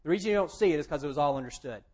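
A man's voice: fairly high pitch, lively intonation, racing, darkish tone. A man preaching a sermon, explaining plainly and quoting scripture with emphasis. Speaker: pastor.

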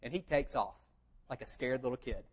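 A man preaching a sermon, telling the story in a lively conversational way and asking rhetorical questions. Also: medium pitch, a little fast. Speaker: pastor. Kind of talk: expository sermon.

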